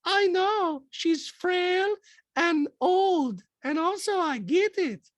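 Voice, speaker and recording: A man putting on a haughty, high falsetto woman's voice, slow and cutting, for a comedic recap. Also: expressive, no room sound, full character voice. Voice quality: falsetto, drawn-out and mocking.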